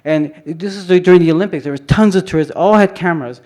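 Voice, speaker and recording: A man's voice: sits high, quick pace, darkish tone. Rambling male photographer giving a talk. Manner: rambling, many restarts and "you know" fillers. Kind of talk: informal presentation talk. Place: conference hall.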